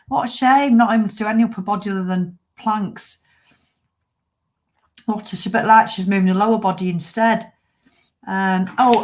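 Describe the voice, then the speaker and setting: A middle-aged woman, a fitness vlogger, chatting casually to viewers in a blunt, animated way with the odd swear word. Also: mid-range voice.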